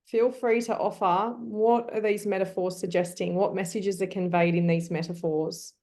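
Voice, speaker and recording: A woman's voice: mid-range voice, steady tone, normal speed, warm tone. Woman, teacher, online class, coaxing, thinks aloud, computer mic.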